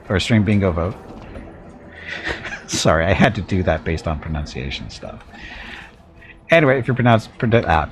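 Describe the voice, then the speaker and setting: A man with a Southern Californian accent giving rambling, self-deprecating commentary while live-streaming a game. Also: low voice. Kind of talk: casual live gameplay commentary. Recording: noisy background.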